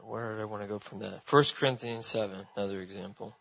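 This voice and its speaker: A man's voice: on the low side, fairly even intonation, fast, gravelly, fairly bright tone, lo-fi sound. A man preaching in a loose, conversational way, restarting his sentences and often adding fillers. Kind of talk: casual sermon.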